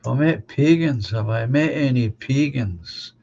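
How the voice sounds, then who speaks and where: A man hosting a live stream, chatting casually and giving opinions, halting and restarting as he talks. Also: medium pitch, lively intonation, creaky, a little mellow. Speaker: live stream host reading viewer comments. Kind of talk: casual chat. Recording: dull lo-fi sound with faint hum.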